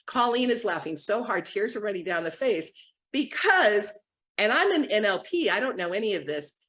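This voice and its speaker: A woman in her fifties from the United States, a coach telling a funny story on a livestream with giggles, a lot of "like" and "right?". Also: mid-range voice. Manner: giggly and animated, lots of "like" and "right?".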